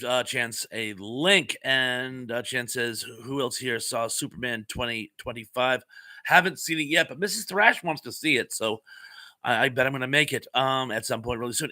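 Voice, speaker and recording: A man hosting a casual live chat stream, reading viewer comments aloud at his desk mic. His voice is bright and forward, and his talk rambles with fillers, quick asides and easy chuckles. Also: mid-range voice. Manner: chatty, rambling, reads comments aloud with frequent fillers and laughs.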